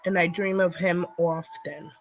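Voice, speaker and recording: A woman's voice: on the low side, steady tone, a little slow. A woman co-hosting a live stream, casually reading out viewers' messages. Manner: casual, reads messages aloud. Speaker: co-host reading out questions.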